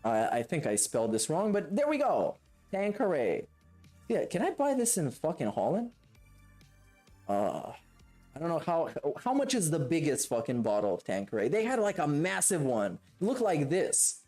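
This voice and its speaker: A man's voice: on the high side, huge pitch swings, moderate pace, dark tone, faint music behind. A male streamer in live reaction commentary who rants in a profane, scornful, mocking way.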